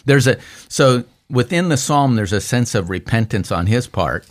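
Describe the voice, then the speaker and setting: A man, a pastor, talking through a psalm in a casual discussion, with many restarts and fillers that lift into animated quotes. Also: mid-range voice, moderate pace.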